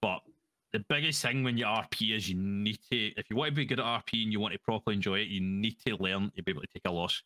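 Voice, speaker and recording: A man's voice: fairly low pitch, fast talker, bright, forceful tone. A Scottish man chatting as a guest in a casual interview, rambling, swearing freely and laughing often. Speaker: guest roleplayer.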